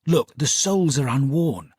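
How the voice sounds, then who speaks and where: Casting: narrator as a curt, deadpan Victorian detective, husky and close to the mic. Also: male voice, medium pitch, normal speed, no echo. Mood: dry dismissive. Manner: quiet, clipped, dismissive asides. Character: dry, sharp-eyed Victorian detective man. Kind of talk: audiobook character voice.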